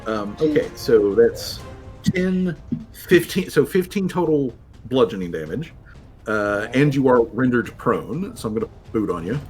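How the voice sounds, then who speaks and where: A man's voice: medium pitch, lively intonation, unhurried, darkish tone, soft background music. A man running a tabletop game as game master, narrating loosely with laughs, swearing and restarts. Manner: laughing, loose and profane, stumbles over words.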